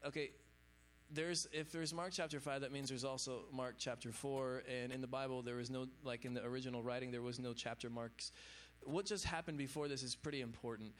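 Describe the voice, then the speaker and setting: A man's voice: mid-range voice, steady tone, a little fast, slight background noise. A man preaching an informal sermon to young adults, chatty, with lots of casual fillers. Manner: casual, chatty, lots of fillers like "you know what I'm saying". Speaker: pastor.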